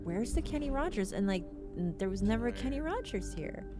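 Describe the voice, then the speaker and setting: A woman's voice: mid-range voice, big pitch swings, over music. A woman from the Philippines co-hosting a podcast, chatty and teasing in casual banter. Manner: chatty, quick to tease and add punchlines. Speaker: podcast co-host.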